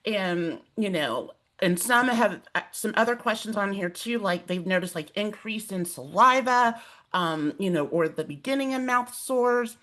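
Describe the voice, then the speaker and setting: A woman hosting a webinar in a casual, animated way, telling a personal story with lots of fillers. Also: medium pitch, measured pace. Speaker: host.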